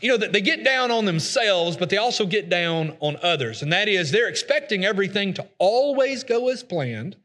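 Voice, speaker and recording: A man preaches in a loose, conversational way, slipping into little voices for the complainers he describes. His voice sits high for a man and sounds bright and forward. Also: sing-song, moderate pace, few pauses. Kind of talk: sermon.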